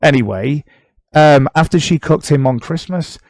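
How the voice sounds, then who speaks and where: A man's voice: on the high side, animated, normal speed, darkish tone, no echo. Sarcastic British man streaming, dry sound. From Britain. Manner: sarcastic, swears freely, talks back at what he reads. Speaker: livestreamer reading forum posts aloud. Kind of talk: casual livestream commentary.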